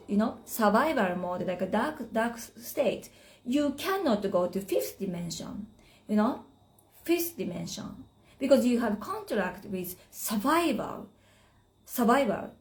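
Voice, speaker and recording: A woman whose first language is Japanese, speaking in halting English as a spiritual teacher in a casual live-stream chat, searching for her words. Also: on the high side, lively intonation.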